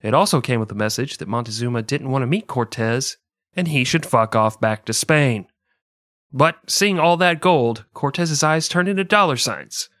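A man's voice: medium pitch, fairly bright tone, no echo, studio quality. A man hosting a podcast, narrating history in a wry, profane, laid-back comedic style.

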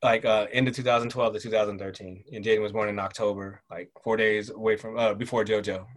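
A man's voice: lowish voice, fast talker. Chatty Southern-raised man, loose and casual. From Southern United States. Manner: loose and chatty, full of fillers and "bro", lively when quoting people. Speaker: guest, military father. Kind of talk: casual conversational storytelling.

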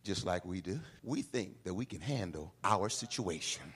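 A pastor preaching a sermon, shifting from quiet talk to shouted, sing-song peaks. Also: male voice, low voice, lively intonation, normal speed.

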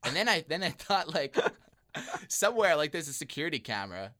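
A man's voice: on the high side, normal speed. A young man hosting a podcast, telling a story casually and acting out the people in it, laughing often. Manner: animated, acts out voices, laughs often. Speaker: podcast host.

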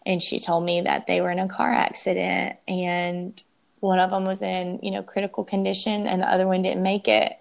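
A young woman telling her personal story as an interview guest, emotional and halting, often restarting her sentences. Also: lowish voice, flat delivery, gravelly.

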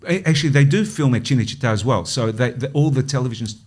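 A man with an Australian accent spins a long anecdote in relaxed podcast chat. He talks at a mid pitch and stops and restarts often, acting out the people in his story. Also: racing. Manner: animated anecdote-telling, lots of restarts and acted-out quotes. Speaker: podcast guest, comedy writer and producer.

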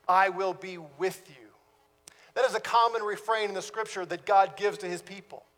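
A man, a pastor, preaching a sermon with dramatic pauses and sudden drops to a hush. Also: high-pitched, in a large hall.

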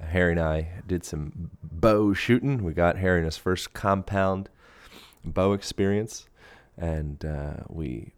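A man's voice: low voice, vocal fry, no room sound. A man hosting his podcast, giving a casual, rambling introduction with fillers and self-mocking asides. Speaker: podcast host.

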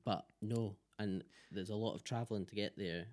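A man with a Scottish accent, a podcast guest chatting casually, animated and laughing often. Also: on the low side, moderate pace. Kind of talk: casual chat.

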